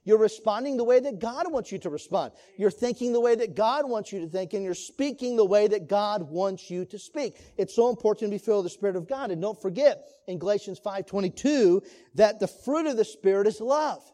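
A man's voice: sits high, lively intonation, a little fast, dark tone. A man teaching a church class on marriage in a sermon style, earnest, putting questions to the listeners. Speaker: Sunday school teacher.

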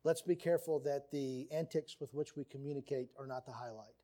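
A man's voice: medium pitch, fairly even intonation, a little fast, warm tone. A man preaching a sermon on marriage, earnest and emphatic, reading quotes and scripture aloud. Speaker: pastor.

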